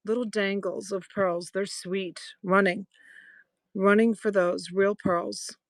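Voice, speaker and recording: A woman's voice: mid-range voice, fairly even intonation, slow, no room sound. Chatty woman selling jewelry live. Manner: chatty, affectionate, thanks viewers by name. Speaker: live-stream jewelry seller. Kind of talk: casual live-selling chat.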